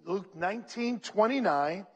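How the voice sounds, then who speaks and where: A man's voice: sits high, unhurried, breathy edge, muffled recording. A man preaching a sermon, calling out to his congregation and reading scripture aloud. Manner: animated, preacherly, calls out to the congregation. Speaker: pastor.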